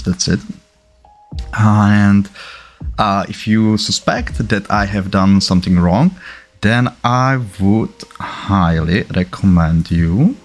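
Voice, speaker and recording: A man from the Czech Republic hosting a casual livestream, chatty and halting, often stopping to correct himself. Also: fairly low pitch. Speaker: livestream host.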